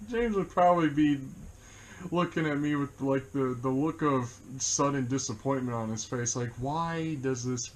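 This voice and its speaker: A man co-hosting a movie review, chatting casually, rambling with lots of fillers and laughing often. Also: medium pitch. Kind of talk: casual chat.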